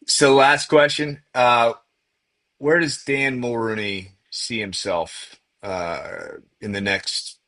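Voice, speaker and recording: A man hosting a podcast interview, enthusiastic and halting, with fillers. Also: mid-range voice, fairly even intonation, pushed and bright. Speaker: podcast host.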